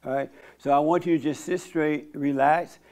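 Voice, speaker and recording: A man hosting a church meeting, counseling a guest bluntly and then leading a slow guided silent prayer. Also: on the high side, steady tone, darkish tone. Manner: blunt, plain-spoken, teasing; slow, soothing instructions during meditation.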